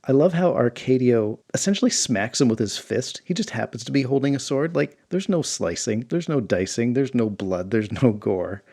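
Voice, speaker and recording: A man's voice: medium pitch, expressive, moderate pace, few pauses, mellow. A man hosting a comics channel, reading a comic aloud with enthusiastic, chatty asides.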